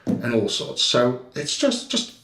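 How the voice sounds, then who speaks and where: A man's voice: medium pitch, sing-song, slow pace, sharp tone. A man walks through security footage in a blunt, heated tone, swearing without a second thought. His voice sits in the middle of the male range. The recording has a roomy echo around it. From England. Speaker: guest recounting an incident. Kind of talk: casual storytelling over CCTV footage.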